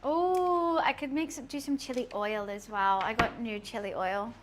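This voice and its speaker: High-voiced chatty woman streamer. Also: normal speed, noisy background. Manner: chatty, rambling asides. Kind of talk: casual live-stream chat while cooking.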